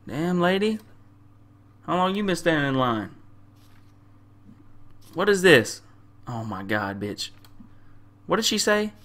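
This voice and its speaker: A young man playing a game and commentating, loud and crude, trash-talking the characters in slang and often repeating himself. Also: fairly high pitch, big pitch swings, slow pace, pauses often. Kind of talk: profane casual gameplay commentary.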